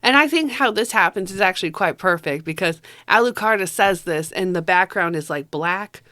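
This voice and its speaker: Woman movie reviewer, slightly low voice, casual and foul-mouthed, dry room. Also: lively intonation, normal speed, bright, forceful tone, no room sound. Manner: chatty and profane, peppered with "you know". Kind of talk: casual spoken film review.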